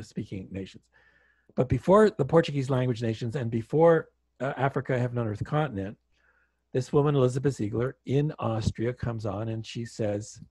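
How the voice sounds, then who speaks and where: A man from Canada, appearing as a guest speaker on an online call, tells stories and acts out the dialogue with real energy. He has a mid-range, gravelly voice with a breathy edge, captured in a dry recording.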